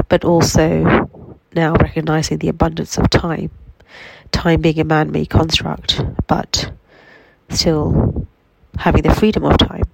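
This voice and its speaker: A woman with a cold and a nasal voice, giving a slow, reflective spiritual self-help talk from her bed at home. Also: low-pitched, completely flat delivery, gravelly, noisy background. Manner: slow, reflective, gently affirming. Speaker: healing coach.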